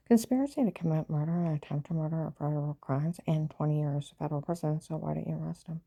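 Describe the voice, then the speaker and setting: A woman's voice: deep voice, fast, creaky, hardly any pauses, warm tone. A woman telling her own story in a rambling personal account, agitated and jumping between events while quoting others.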